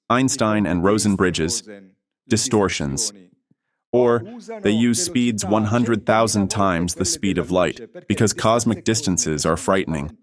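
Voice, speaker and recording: A man with an Italian accent giving an impassioned, indignant lecture at a conference, ranting and swearing at times. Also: lowish voice. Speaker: conference speaker. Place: theatre with audience.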